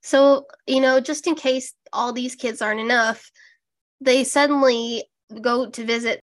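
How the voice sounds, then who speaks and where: A woman's voice: high-pitched, fairly even intonation, a little slow. A young woman co-hosting a podcast in casual chat, wry and sarcastic, swearing casually. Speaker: podcast co-host.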